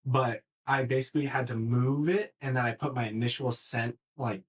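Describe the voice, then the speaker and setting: Man, casual podcast chat, animated, profane, mid-pitched voice, lots of restarts. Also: normal speed. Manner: animated storyteller, swears freely, restarts often.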